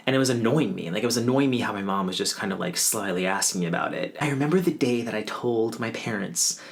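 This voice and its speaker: This vlogger is a man in his twenties with a lowish, creaky voice and a quick pace. He tells a personal story casually, wry and offhand, poking fun at himself from time to time.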